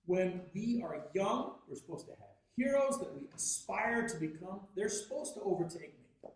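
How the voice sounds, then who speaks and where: A Canadian man giving a lively, jokey workshop talk on music and practice, telling stories and acting out voices. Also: moderate pace, slight background noise. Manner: animated, jokey, acts out voices with big pitch jumps. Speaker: guest teacher at a music workshop. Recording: very echoey hall, distant mic.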